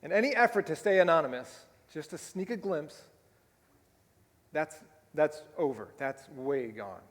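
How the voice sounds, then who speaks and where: Conversational pastor in a reverberant church. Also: male voice, fairly high pitch, expressive, measured pace. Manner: conversational, rhetorical asides with tag questions. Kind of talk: sermon. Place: church sanctuary.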